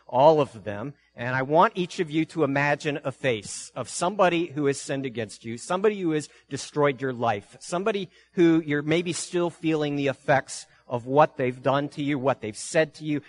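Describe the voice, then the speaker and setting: A pastor with a male voice that runs a little high preaches in church. He reads scripture deliberately and earnestly, his voice rising with emphasis.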